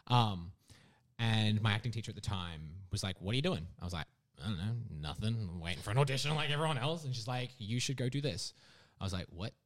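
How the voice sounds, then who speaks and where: Lively young Australian man, mild accent. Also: on the low side, quick pace. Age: 20s. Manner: animated, laughing, acts out quoted voices. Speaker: guest performer. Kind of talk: casual interview storytelling.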